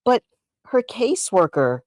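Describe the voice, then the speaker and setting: A woman's voice: medium pitch, big pitch swings, unhurried, darkish tone, no echo. A woman livestreamer chatting casually in a teasing, sing-song, repetitive way.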